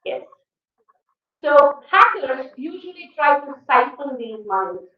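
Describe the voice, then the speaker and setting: A woman with an Indian English accent giving a guest lecture at a college, firing rhetorical questions at the class in an emphatic, animated way. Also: sits high, slow pace. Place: lecture hall. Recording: echoey hall, distant dull mic.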